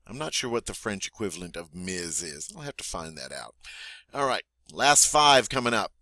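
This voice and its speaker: A man teaching a French vocabulary lesson, saying each word clearly and patiently, then asking the learner to repeat it. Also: fairly low pitch, big pitch swings, moderate pace, pushed and bright, dry recording. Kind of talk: spoken language lesson.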